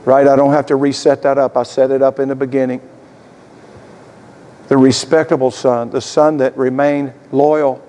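A male pastor preaching a sermon, telling a story dramatically and swinging between loud and hushed delivery. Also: mid-range voice, level tone, moderate pace, big-room sound.

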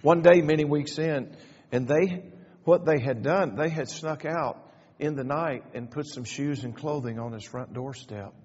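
Folksy preacher, high voice. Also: male voice, unhurried, a little mellow, husky. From Kentucky. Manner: folksy, storytelling, playful asides to the congregation. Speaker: pastor. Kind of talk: sermon. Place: church sanctuary. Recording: dull lo-fi sound in a reverberant hall.

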